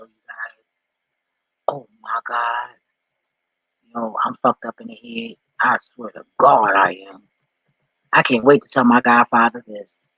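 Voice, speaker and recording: A man talking off the cuff in a vlog, rambling and excitable, swearing often as he reads and reacts. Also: mid-range voice, slow, gravelly, long pauses, breathy edge, no echo, dull audio. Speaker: vlogger.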